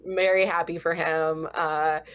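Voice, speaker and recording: Animated storytelling woman from St. Louis. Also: low voice, unhurried, clear, resonant tone. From St. Louis, USA. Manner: animated storyteller, acts out quoted voices. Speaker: comedian guest. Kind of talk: casual chat.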